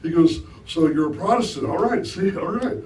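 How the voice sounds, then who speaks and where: Man, somewhat high voice, echoey hall, mic at a distance, chatty spiritual talk, middle-aged. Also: animated, normal speed, darkish tone, a little hiss or hum. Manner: conversational, asks the audience questions. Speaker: guest speaker. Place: hall with a live audience.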